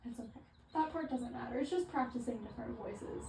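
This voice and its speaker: Fairly quick and somewhat high-pitched, with a creaky, warm voice, a woman works as a reading coach, casually encouraging someone to read aloud in different voices and giving instructions with frequent fillers. The room is echoey, with faint ambient noise.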